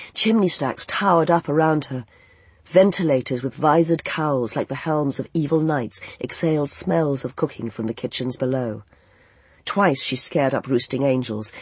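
A man narrating a novel as an audiobook reader, in a measured and vivid storytelling manner. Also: mid-range voice, slightly rough, no room sound. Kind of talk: scripted narration.

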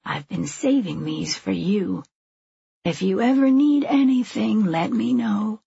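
A woman voicing an older female pantry worker who speaks quietly and flatly, with a kind offer. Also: medium pitch, a little slow, gravelly, breathy edge, muffled recording, exaggerated voice. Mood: gentle.

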